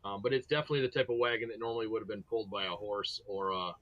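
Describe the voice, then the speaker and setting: A man's voice: fairly low pitch, steady tone, racing, dry recording, muffled recording. A man narrating as game master of a tabletop game, casual and hesitant with fillers.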